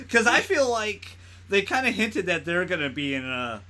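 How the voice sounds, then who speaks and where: A man's voice: high voice, bright, forceful tone. A man co-hosting a podcast, rambling through a casual movie chat with lots of laughing and swearing. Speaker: podcast co-host.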